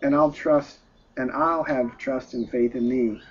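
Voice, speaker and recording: Man doing an anguished humble friar, soft tearful pleading, husky tone, dull lo-fi recording. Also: mid-range voice, fairly even intonation, unhurried. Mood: prayerful.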